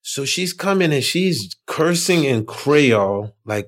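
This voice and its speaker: A man telling a funny story casually, animated and slangy, acting out the other people's voices. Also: mid-range voice, unhurried, no echo, clean studio sound. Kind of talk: casual anecdote.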